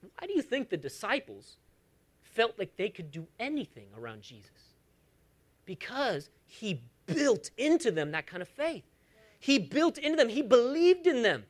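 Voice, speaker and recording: A woman's voice: on the high side, big pitch swings, a little slow. A woman preaching a sermon in a church, emphatic and coaxing her congregation along.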